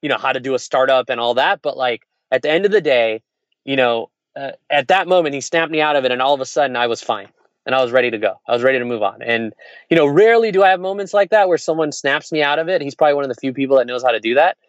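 A man in his forties, an entrepreneur, telling a personal story in casual conversation, frank and quick with restarts and laughs. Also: medium pitch, lively intonation, dry recording, muffled recording. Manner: fast, candid, laughs and restarts often. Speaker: entrepreneur, podcast guest.

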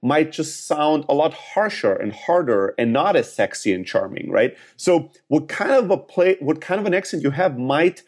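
Man, slightly high voice, podcast guest, earnest, explains step by step, tag questions. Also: very animated, moderate pace, few pauses, a little mellow. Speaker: sales advisor guest. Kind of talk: casual advice in a podcast interview.

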